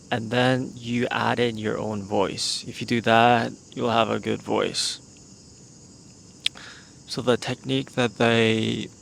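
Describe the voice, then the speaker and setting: A man talks slowly through his solo podcast, his voice gravelly with a lot of vocal fry. He rambles in a relaxed way, with plenty of "like" fillers. He speaks into a handheld mic outdoors. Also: mid-range voice, slight background noise. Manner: relaxed, meandering, with many "like" fillers. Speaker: podcast host. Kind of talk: casual solo podcast talk. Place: outdoors in a remote spot. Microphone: handheld microphone.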